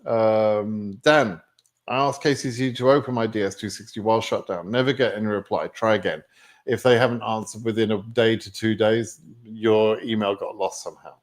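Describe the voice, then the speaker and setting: A man's voice: fairly low pitch, fairly even intonation, normal speed. A man with an English accent answering viewer questions on a live stream, in a chatty way with many fillers. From England.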